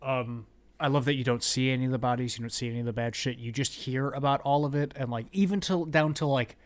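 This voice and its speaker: A man's voice: mid-range voice, quick pace. A man hosting a podcast, chatting casually and enthusiastically about a movie, acting out scenes as he goes. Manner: enthusiastic, acts out scenes in quoted voices. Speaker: podcast host.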